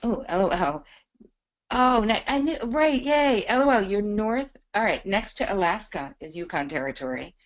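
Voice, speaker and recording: A middle-aged woman hosts a live online masterclass, chatty and bubbly as she greets viewers by name. Her medium-pitched voice is expressive, moving at a normal speed.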